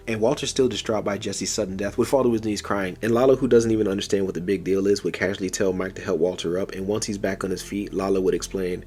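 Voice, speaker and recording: A man casually narrating a fan story in a rapid retelling manner. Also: low-pitched, fairly even intonation, a little mellow, faint music behind.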